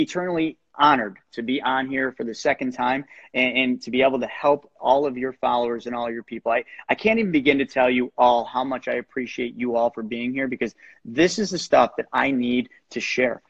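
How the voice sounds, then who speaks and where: A man giving an energetic, persuasive motivational talk as a guest on a show about lending and real estate deals. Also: medium pitch, breathy edge, dry recording. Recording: dull lo-fi sound.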